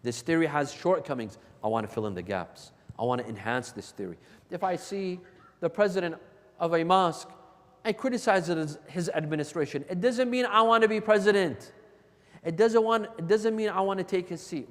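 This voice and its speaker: A man's voice: a little high, animated, brisk. A man giving an emphatic sermon, repeating key phrases for stress. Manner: emphatic and repetitive, restating points for stress. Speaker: religious lecturer. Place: large hall of a religious center. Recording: long hall reverb.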